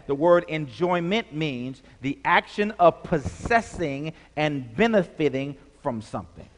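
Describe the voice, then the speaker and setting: High-voiced preaching man, echoing hall. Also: expressive, slight background noise. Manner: preaching with call-and-response, drawn-out emphasis. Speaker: pastor. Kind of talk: sermon. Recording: long hall reverb.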